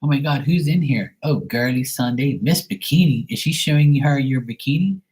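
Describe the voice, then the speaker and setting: A man's voice: medium pitch, moderate pace, darkish tone, voice pushed up, lightly acted, poor audio. A man voicing a jealous, nagging young girlfriend who accuses and exclaims. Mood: accusing.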